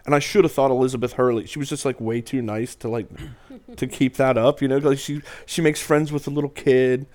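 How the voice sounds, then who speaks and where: A man's voice: mid-range voice, steady tone, a little fast, darkish tone. Guy hosting a podcast, chatty, keeps laughing while he retells scenes. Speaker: podcast host. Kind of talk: casual chat.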